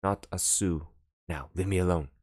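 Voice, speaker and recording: A man reading an audiobook, voicing a calm, unbothered police detective who brushes off worries. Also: low voice, normal speed, dry recording. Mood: curt. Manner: calm, dismissive, dry. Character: unflappable middle-aged male police detective.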